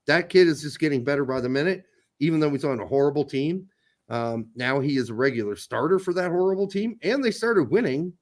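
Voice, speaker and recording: A man with a voice on the high side talks briskly as co-host of a casual sports podcast. He's blunt, opinionated and jokey, and swears frequently.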